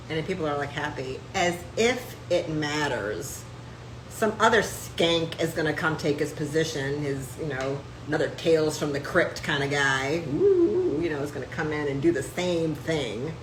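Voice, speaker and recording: A woman hosting a live stream, a chiropractor ranting in a brash, sarcastic, animated way. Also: low-pitched, roomy sound, background noise. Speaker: host.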